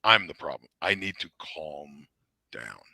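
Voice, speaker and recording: Deep-voiced man telling war stories. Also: a little slow, creaky, no echo, studio quality. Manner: rambling, animated, many fillers and restarts. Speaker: podcast guest, retired Marine officer. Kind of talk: casual storytelling interview.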